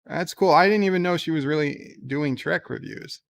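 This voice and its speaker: A man's voice: on the high side, moderate pace, creaky. A man hosting a livestream, reading chat comments aloud in a casual, wry way with frequent filler words. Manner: reads chat aloud, chatty, lots of uh fillers, wry asides. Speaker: livestream host.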